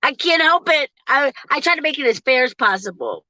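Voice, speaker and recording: A woman in her forties chatting casually to viewers from her parked car, laughing often and getting animated when she quotes people. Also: sits high, fairly quick, no echo, low-quality recording. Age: 40s. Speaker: livestream host.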